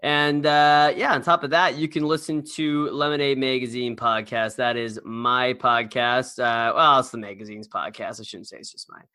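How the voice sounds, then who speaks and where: A man's voice: medium pitch, steady tone, moderate pace, few pauses, sharp tone, clean tone, no room sound. A man co-hosting a podcast in casual chat, rambling and storytelling with lots of fillers and restarts. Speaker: podcast co-host.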